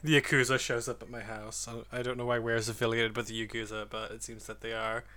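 A man with a bright, forward voice at a middle pitch, chatting casually as a podcast co-host. He is easygoing and jokes a lot, often laughing. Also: flat delivery, a little fast. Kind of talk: casual chat.

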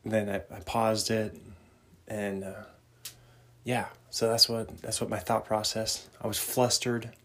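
A man's voice: fairly low pitch, level tone, unhurried, a bit bright. A man hosting a casual solo podcast, rambling and laid-back, laughing at his own jokes. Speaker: podcast host. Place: home sauna.

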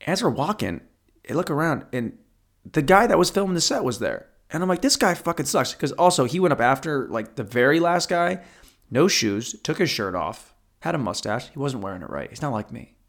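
A man's voice: medium pitch, big pitch swings, brisk, vocal fry. A male comedian spinning a long anecdote in a loose, profane, rambling way. He corrects himself mid-story and mocks his own failures. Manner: profane, rambling, self-deprecating. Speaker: stand-up comedian. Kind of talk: stand-up storytelling.

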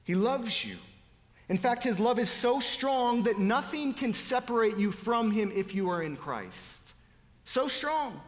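A man's voice: extremely high pitch, lively intonation, measured pace. Preaching man in a reverberant hall. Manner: swings from hushed whispers to loud, raised appeals. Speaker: pastor. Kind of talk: sermon.

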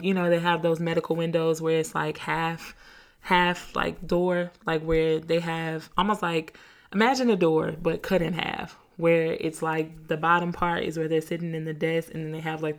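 A woman hosting a podcast, casually retelling a dream with lots of "like" fillers and animated quoted dialogue. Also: lowish voice, creaky. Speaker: podcast host. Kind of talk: casual storytelling.

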